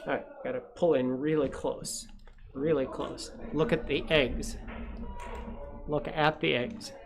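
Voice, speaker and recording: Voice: medium pitch, fairly even intonation, measured pace, vocal fry, music in the background. A storytime reader, reading a picture book aloud to children with playful asides. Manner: playful, with asides to young listeners.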